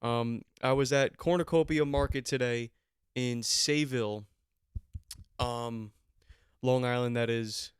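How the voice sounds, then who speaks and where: A man's voice: medium pitch, fairly even intonation, slow pace, long pauses, smooth, dry recording, clean studio sound. A young man hosting a podcast, telling a rambling, profane story with mock outrage. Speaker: podcast host. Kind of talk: comedic storytelling chat.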